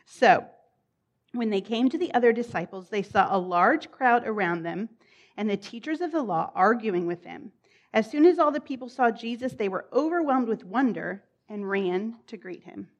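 A woman preacher speaks with a fairly high voice. She talks in an informal, chatty way, with laughs and asides. Her tone is friendly and encouraging. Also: animated, moderate pace. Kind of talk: sermon.

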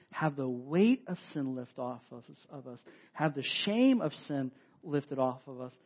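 A man preaching a sermon in a casual, conversational way, with sudden loud emphatic bursts. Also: fairly high pitch, lo-fi sound. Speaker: pastor.

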